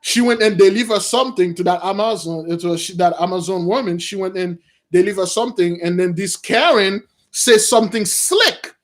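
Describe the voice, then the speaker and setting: Man, high voice, rambling, animated, religious news commentary. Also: moderate pace. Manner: rambling, animated, addresses listeners as brothers. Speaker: channel host.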